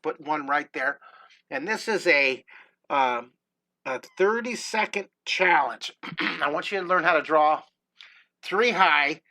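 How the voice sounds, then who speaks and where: Middle-aged male art teacher streaming live, keen and talkative, bright tone, a bit high. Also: slow pace. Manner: enthusiastic, chatty, talks to viewers by name. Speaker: drawing teacher. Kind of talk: live-streamed drawing lesson. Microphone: desk microphone close to mouth.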